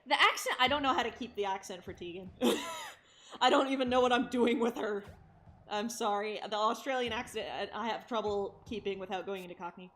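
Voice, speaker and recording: A woman's voice: mid-range voice, fairly quick, a bit bright, soft background music. A woman streaming a game live, chatting casually and self-deprecatingly and reading the characters' lines aloud in different voices.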